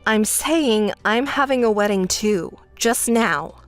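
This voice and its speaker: A woman voicing a calm, level-headed young woman who answers her sister flatly and sarcastically, in a texting-story voice-over. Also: mid-range voice, slow, soft background music. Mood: dry. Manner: flat, dry, sarcastic.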